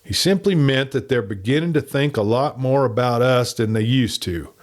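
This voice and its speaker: A man's voice: mid-range voice, lively intonation, moderate pace, close to an everyday voice. A man voicing a cocky outlaw messenger in folksy, ungrammatical frontier talk.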